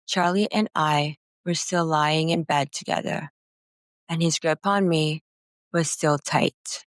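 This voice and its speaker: A woman narrating a first-person memoir in a slow, somber reading. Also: low voice, no room sound, studio quality.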